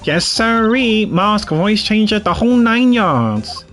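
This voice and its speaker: A man voicing a folksy, nosy Southern woman, reading her game lines slowly in a put-on drawl. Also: sits high, expressive, a bit bright, soft background music, pitched above the performer's own voice, exaggerated voice. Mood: emphatic. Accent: put-on American Southern. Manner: drawling, slow, folksy slang.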